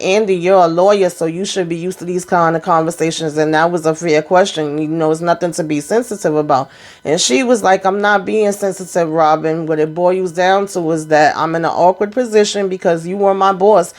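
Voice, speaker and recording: A woman's voice: lowish voice, a little mellow. A woman hosting a casual TV episode recap, retelling scenes by quoting the characters in a chatty, colloquial way with amused asides. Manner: frequent asides and exclamations, amused commentary. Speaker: TV recap host.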